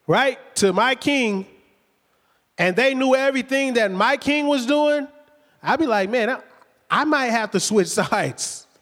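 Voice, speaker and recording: Male preacher, high voice, lively storytelling sermon, long hall reverb. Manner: lively, conversational retelling with acted quotes and rhetorical questions.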